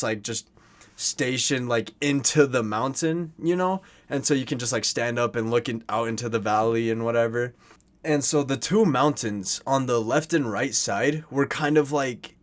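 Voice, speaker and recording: Rambling young man telling a story. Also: mid-range voice. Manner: rambling, heavy use of "like" and "you know"; gets loud and worked up when exasperated. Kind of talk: casual storytime.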